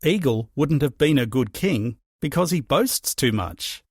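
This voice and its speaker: A man narrating a children's storybook with an expressive reading. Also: mid-range voice, measured pace, no room sound, studio quality.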